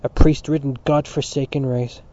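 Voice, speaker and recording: A man's voice: medium pitch, fairly even intonation, normal speed, dark tone, natural voice. A man playing a scornful, blustering middle-aged father. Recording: dull lo-fi recording.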